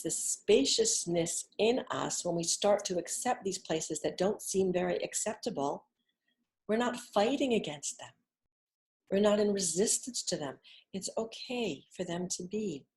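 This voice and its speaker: A middle-aged wellness instructor leads a gentle guided relaxation, her soft, soothing instructions separated by whispered exhales. Her voice is lowish.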